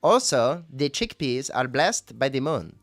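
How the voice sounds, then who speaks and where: Man doing a brash, pushy restaurant pitchman. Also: sing-song, a little slow, no room sound. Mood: hyped sales pitch. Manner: brash, crude, salesy with a put-on accent.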